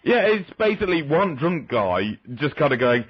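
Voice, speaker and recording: A man's voice: on the high side, very animated, normal speed, breathy edge, no room sound. A man rambling crudely as a guest on a call-in talk show. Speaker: guest caller. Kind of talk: crude comedic call-in chat. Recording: lo-fi call-in audio.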